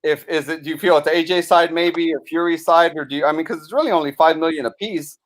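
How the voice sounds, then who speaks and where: A male host running a casual watch-party chat, lively and asking lots of questions. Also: fairly high pitch, quick pace.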